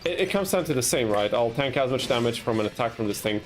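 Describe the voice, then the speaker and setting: A man's voice: medium pitch, expressive, fast, hardly any pauses, faint music behind. A young man from Austria chatting casually while streaming a card game, laughing at himself and yelping at his mistakes. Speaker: gaming streamer. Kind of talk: casual gameplay commentary with chat.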